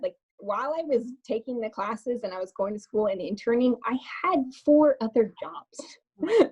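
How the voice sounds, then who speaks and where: A woman talks as a podcast guest in a loose, chatty storytelling manner, breaking into quick laughs and leaning on filler words. Her voice sits at an ordinary middle pitch. The recording is muffled and lo-fi. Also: darkish tone, slightly rough. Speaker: podcast guest, makeup artist. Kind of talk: casual storytelling interview.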